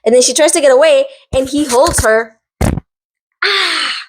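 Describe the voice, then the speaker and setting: A woman talks straight to her viewers in a casual, chatty recap, her voice sitting a little higher than most. She rambles, wanders into side notes and leans on "like" constantly. The energy stays animated and conversational throughout. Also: a little fast, background noise. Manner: animated, rambling, heavy use of "like". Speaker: book and drama recap vlogger.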